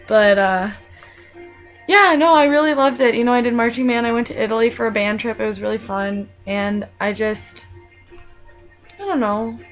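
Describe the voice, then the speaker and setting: Chatty young woman, slightly high voice. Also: normal speed, soft background music, low-quality recording. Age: young adult. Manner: rambling and chatty, with many fillers and restarts. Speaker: vlogger. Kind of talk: casual personal monologue.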